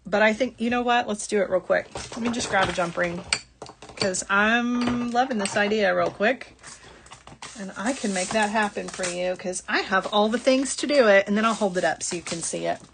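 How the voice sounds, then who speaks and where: A woman's voice: medium pitch, normal speed, vocal fry, noisy background. A middle-aged woman hosting a live jewelry-making shopping stream, chatty and apologetic, laughing often. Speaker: jewelry-making show host.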